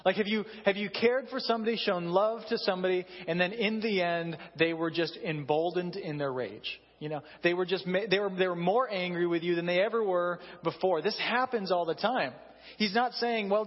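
A man's voice: high-pitched, slightly rough. A man in his thirties, a pastor, giving a conversational sermon with self-deprecating stories. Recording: dull reverberant hall sound.

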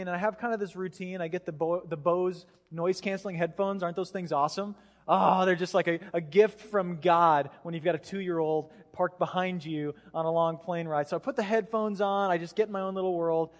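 A man's voice: high-pitched, brisk. A man in his thirties preaching a sermon in a church, casual and chatty, acting out voices as he tells a story. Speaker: pastor. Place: church hall. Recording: reverberant church hall.

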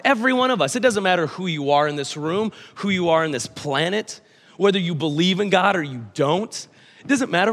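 Male pastor in his thirties, animated storyteller, sermon in a reverberant hall. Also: fairly high pitch. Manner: storytelling, animated, acts out his son's lines. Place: church hall. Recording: church hall with long reverb.

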